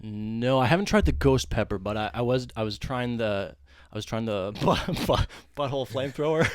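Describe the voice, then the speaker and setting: A man's voice: medium pitch, animated, normal speed, clear, resonant tone, no room sound, clean studio sound. A young man co-hosting a casual podcast, laughing often and stumbling over his words as he restarts. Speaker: podcast co-host. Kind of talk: casual chat.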